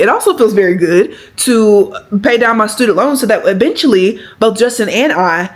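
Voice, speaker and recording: A woman's voice: mid-range voice, lively intonation, moderate pace. Earnest young woman vlogging casually. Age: 20s. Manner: earnest, rambling, with many fillers and restarts. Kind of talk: casual talk to camera.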